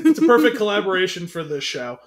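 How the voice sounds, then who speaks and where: High-voiced joking podcast host. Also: male voice, big pitch swings, moderate pace, crowd noise. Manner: joking, rambling, wordplay. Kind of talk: casual podcast chat.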